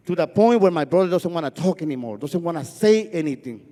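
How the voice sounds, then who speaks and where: On a festival stage, a Guatemalan man whose first language is Spanish tells a personal story in a high, mellow voice, fast and animated. He stutters and builds rhythm through repetition, while a long hall reverb lingers after each line.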